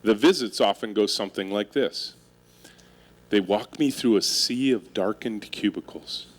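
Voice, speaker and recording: A middle-aged man, a company leader giving a humorous keynote, talks a little slowly in a fairly low voice. His animated stories carry wry self-mockery, and he invites the live audience in with questions.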